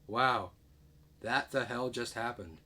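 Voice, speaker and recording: A man reading the lines of a clueless young man in a comedy script read, with flat mock drama. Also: fairly low pitch, fairly quick, a little hiss or hum, natural voice. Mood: deadpan.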